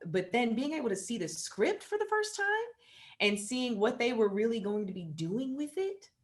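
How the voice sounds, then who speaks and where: A woman, an actress guest, speaking in an effusive, heartfelt way in an interview. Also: medium pitch. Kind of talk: casual interview chat.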